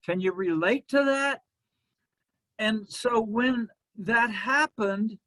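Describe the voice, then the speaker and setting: Slow, high-voiced man preaching. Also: a bit bright, dry recording. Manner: slow, measured preaching with pauses. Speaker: minister. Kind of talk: sermon.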